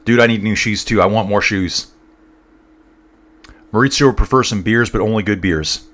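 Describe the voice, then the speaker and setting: A man's voice: on the low side, fairly even intonation, moderate pace, a bit bright. A man giving casual live commentary on a cycling race, chatting and rambling with his viewers. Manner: chatty and rambling, talks to viewers as "guys" and "dude".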